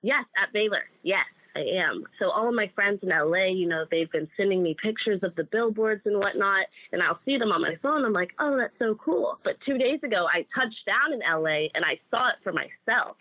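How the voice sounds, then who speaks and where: A woman's voice: medium pitch, expressive, brisk, few pauses, no echo. A woman in her twenties, an actor being interviewed, gushing and emotional as she talks. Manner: effusive, emotional, restarts often. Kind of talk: casual interview chat. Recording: tinny phone line.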